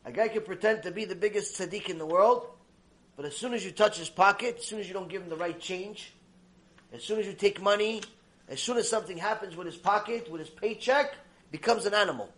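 A man giving a religious lecture, telling stories in an animated, emphatic way. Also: high voice, brisk. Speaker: religious teacher. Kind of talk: recorded Torah lecture with storytelling.

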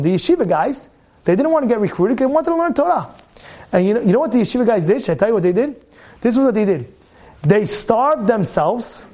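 High-voiced, emphatic man teaching Torah. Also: darkish tone. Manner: emphatic, repeats phrases, fires questions at listeners. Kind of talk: lively weekly Torah-portion class.

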